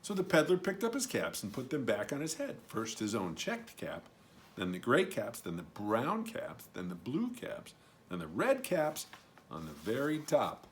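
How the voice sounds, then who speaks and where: A man's voice: mid-range voice, huge pitch swings, normal speed, a little hiss or hum. Man reading a children's story expressively. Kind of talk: reading a picture book aloud.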